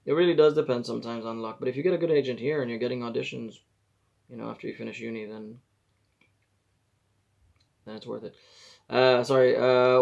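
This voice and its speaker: A man's voice: mid-range voice, fairly even intonation, a little fast, vocal fry, pauses often, dull audio. A man, chatting casually on a live stream and giving rambling advice as he corrects himself. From Israel. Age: 40s.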